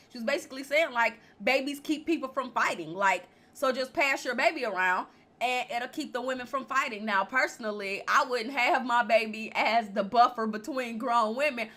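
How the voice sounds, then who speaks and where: A woman vlogging a casual, blunt, laughing recap of a reality show, speaking with features. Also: on the high side. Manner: chatty, animated, laughing often, blunt opinions. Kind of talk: casual chat.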